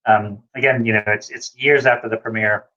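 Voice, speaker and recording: Excitable middle-aged man, muffled lo-fi audio. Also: on the low side, fairly quick. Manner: excitable storyteller, acts out voices. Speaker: comics creator, co-host. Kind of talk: casual video chat, anecdote telling.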